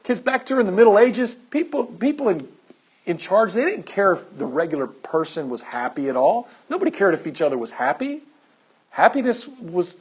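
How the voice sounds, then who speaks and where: A man teacher giving an animated classroom lecture, firing questions at his students. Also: sits high, husky, muffled recording.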